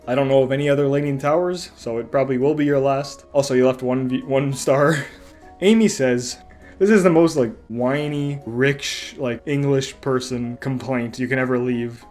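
A man's voice: mid-range voice, moderate pace, a little mellow, soft background music. A young man reading out and mocking online reviews in a sarcastic comedic style. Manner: sarcastic, mock voices for reviews.

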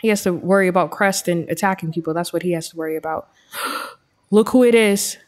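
A woman's voice: on the low side, brisk. Chatty woman narrating her game. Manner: chatty, excitable, storytelling. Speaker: let's-play host. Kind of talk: casual gameplay commentary.

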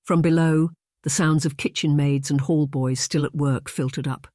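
An audiobook narrator reading a romance novel in a steady, measured storytelling manner. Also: medium pitch, no echo, studio quality. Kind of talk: scripted narration.

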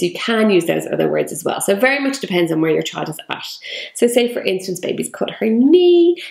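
A woman explaining to parents, gently and clearly, how to practice naming pain through play with their child. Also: medium pitch, roomy sound. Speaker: early-years speech educator. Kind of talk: instructional talk to parents.

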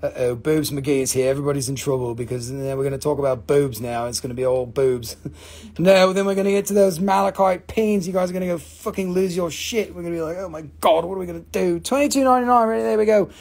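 Man, gravelly voice, profane rambling live-sale host, laughs a lot. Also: a little high, fast, darkish tone. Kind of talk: live-stream sales chat.

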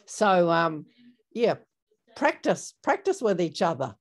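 A woman's voice: on the low side, very animated, takes it slowly. Chatty New woman presenting a workshop. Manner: chatty, storytelling, uses many fillers. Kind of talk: online training talk. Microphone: video call.

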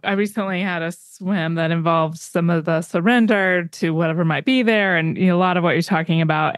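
A woman hosting an interview podcast, asking soft, reflective questions. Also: medium pitch, dry recording, clean studio sound. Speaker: podcast host.

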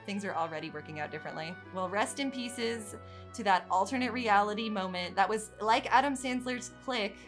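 A woman hosting a casual let's-play, chatting through her game and reacting loudly, swinging from calm narration to panicked dismay. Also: mid-range voice. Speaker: gaming channel host.

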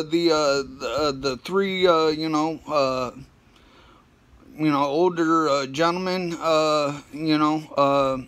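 A man telling a comic story in a halting, rambling way, full of "uh" and "you know," with sudden excited high bursts. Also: gravelly.

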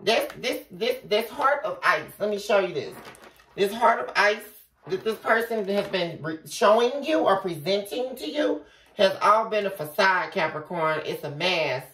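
A woman giving a casual tarot reading, talking straight to the viewer in an animated way and swearing freely. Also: mid-range voice, a little slow. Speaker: tarot reader. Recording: echoey room from far off, faint noise.

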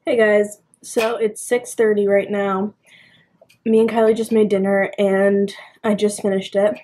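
At home in her bedroom, a young woman vlogger chats casually to camera, filling her talk with "like" and "um". Her voice is mid-range and darkish, with a level tone and measured pace.

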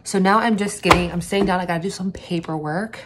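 A woman's voice: on the low side, fast, fairly bright tone, slight background noise. A woman talking casually to camera in a day-in-my-life vlog, chatty and blunt, swearing freely. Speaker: vlogger.

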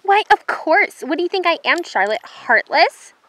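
A woman's voice: very high-pitched, very animated, moderate pace, a bit bright, full character voice, low-quality recording. A woman voicing a vain, haughty gray mare who calls herself a queen, in a toy horse drama. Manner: snooty, dramatic, complaining.

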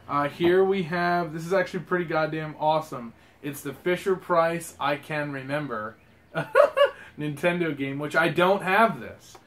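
A young adult man giving casual unboxing commentary, rambling with lots of fillers and excited swearing. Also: mid-range voice. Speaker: vlogger unboxing a fan package.

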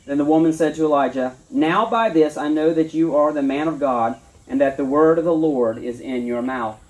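A man with a slightly high voice preaches at an outdoor church service. He reads scripture in an earnest way, then talks plainly and relaxed, with fillers and restarts now and then. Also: normal speed, far from the mic. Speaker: pastor. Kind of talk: sermon with scripture reading.

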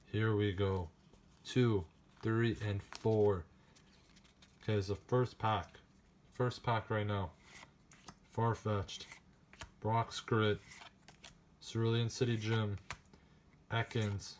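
A man narrating as he opens trading card packs on camera, excited and chatty, speaking straight to his viewers. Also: on the low side, slight background noise. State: nervous and shaky. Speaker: card-opening vlogger. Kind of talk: casual unboxing narration.

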